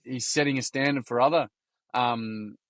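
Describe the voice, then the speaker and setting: An Australian man, a podcast guest, chatting casually as an animated storyteller with plenty of slang, swearing and restarts. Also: medium pitch, moderate pace, no echo. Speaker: podcast guest, youth workshop founder. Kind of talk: casual interview chat.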